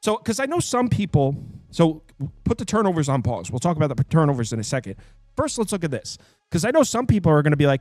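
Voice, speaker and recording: A man hosting a sports betting picks show, talking casually and quickly, full of fillers and quick asides. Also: fairly high pitch, no echo, faint music behind. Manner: animated, quick, with fillers and self-interrupting asides.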